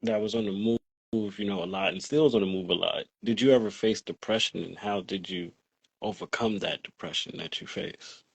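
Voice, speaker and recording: A soft-spoken male interviewer with a low, husky, gravelly voice asks questions and answers with brief affirmations. The recording is dry and close, with no room sound. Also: normal speed, no echo, rough recording.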